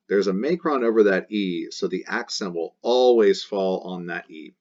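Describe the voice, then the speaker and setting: A man's voice: sits low, normal speed, few pauses, darkish tone. A man teaching a grammar lesson, explaining step by step and drilling endings aloud in rhythmic lists. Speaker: Latin teacher. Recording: dull lo-fi recording.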